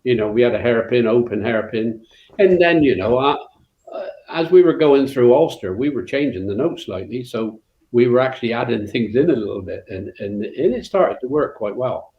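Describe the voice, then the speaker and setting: An older man, a former rally co-driver with a West Country accent, rambles through anecdotes as an interview guest, full of fillers and restarts. His voice is animated and medium-pitched at normal speed, recorded with roomy, dull, lo-fi sound.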